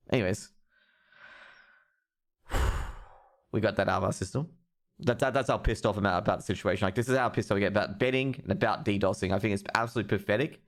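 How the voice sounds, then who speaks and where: A young man hosting a live stream, ranting with heavy profanity about esports news. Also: fairly low pitch. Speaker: streamer host.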